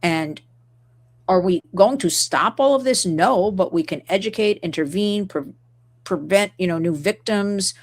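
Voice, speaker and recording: A woman hosting an interview, passionate and talking in quick bursts that jump from point to point. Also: medium pitch. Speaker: host. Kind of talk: conversational interview.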